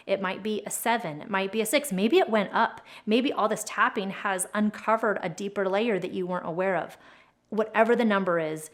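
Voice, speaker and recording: A young adult woman explaining a tapping technique as an educator, speaking gently and slowing down to stress key words. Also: mid-range voice. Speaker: trauma educator and advocate. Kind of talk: instructional explainer video.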